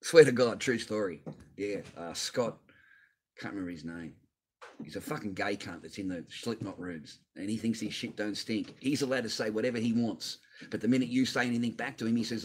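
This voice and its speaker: Guy ranting on his stream, low voice, swearing nonstop and rambling, faint hiss behind. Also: moderate pace. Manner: angry, profane, rambling rant. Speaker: channel host. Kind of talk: livestream rant.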